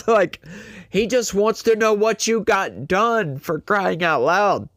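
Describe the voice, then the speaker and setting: A man's voice: sits high, slow pace, a bit bright, no room sound, studio quality. A man doing mocking political reaction commentary, laughing often.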